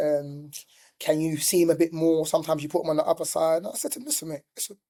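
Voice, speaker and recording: A middle-aged man with a fairly high, darkish-toned voice tells stories in a casual podcast chat, peppering his speech with "like" and "do you know what I mean." He's a youth football coach who used to play professionally.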